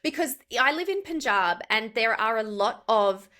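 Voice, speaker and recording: A woman's voice: a little high, lively intonation, moderate pace, pushed and bright. A woman with an Australian accent, a pronunciation coach, chatting in an interview and spelling out examples. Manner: explains with spelled-out examples and laughs. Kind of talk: casual interview chat.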